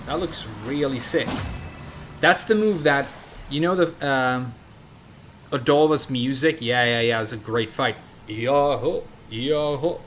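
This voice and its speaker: A man's voice: mid-range voice, a bit bright, slight background noise. A man in his thirties from Sweden, chatting casually in a rambling way while commenting on his own gameplay. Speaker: game streamer.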